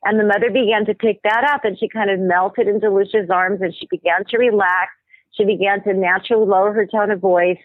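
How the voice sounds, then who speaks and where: A woman speaking as a guest medical anthropologist, explaining her ideas at length in an earnest, steady way, with an occasional um. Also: medium pitch, fairly quick, no echo. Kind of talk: explanatory interview talk. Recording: tinny phone-like line, dry.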